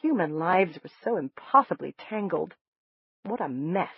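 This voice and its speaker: Steady first-person audiobook narrator. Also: medium pitch, measured pace, creaky, husky, no room sound, dull audio.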